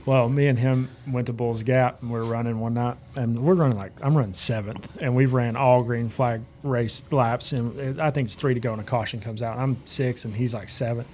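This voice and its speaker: Casting: man, podcast guest, animated storyteller, faint room noise behind. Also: medium pitch, normal speed, hardly any pauses. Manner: animated storyteller, laughs often, repeats words. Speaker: podcast guest, race director. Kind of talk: casual chat, storytelling.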